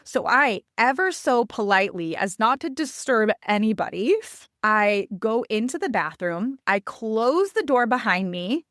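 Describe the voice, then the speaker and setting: A woman's voice: a little high, lively intonation, measured pace, hardly any pauses, fairly bright tone, dry recording, clean studio sound. A woman in her thirties hosting a podcast, telling a personal story in a confiding, emphatic way and speaking straight to her listeners. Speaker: podcast host.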